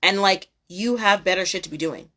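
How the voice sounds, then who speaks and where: A woman's voice: mid-range voice, normal speed, bright, forceful tone. A young woman giving a casual tarot reading, blunt and profane, repeating her points emphatically. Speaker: tarot reader.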